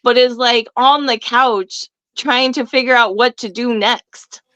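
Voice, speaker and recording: A woman's voice: fairly high pitch, steady tone, unhurried, fairly bright tone, dry recording. A young woman telling a story in casual chat, brash and profane, laughing often. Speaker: guest.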